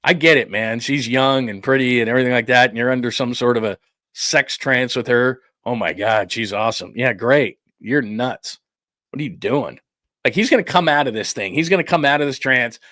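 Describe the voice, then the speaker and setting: A man's voice: medium pitch, normal speed, bright, forceful tone, no room sound. Rambling male sports talk host, dry sound. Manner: rambling, incredulous rant with put-on quotes. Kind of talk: live-stream sports talk, reading supers.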